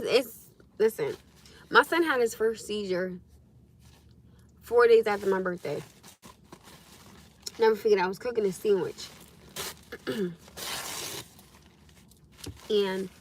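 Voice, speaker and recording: A young woman hosting a casual livestream, telling stories to her viewers in a lively, expressive way with frequent laughs. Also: mid-range voice, a little hiss or hum. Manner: animated storytelling, laughs often, acts out her own past speech. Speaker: livestream host.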